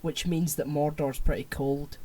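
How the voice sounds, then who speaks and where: A man's voice: a little high, fairly even intonation, moderate pace, warm tone, a little hiss or hum. A man co-hosting a casual podcast chat, talking in a laid-back, hesitant way with fillers and teasing his co-host.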